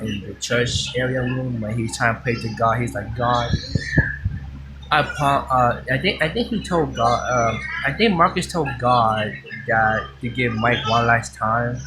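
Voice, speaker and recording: A man giving a casual movie review, rambling excitedly with many restarts and some swearing. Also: medium pitch, background noise.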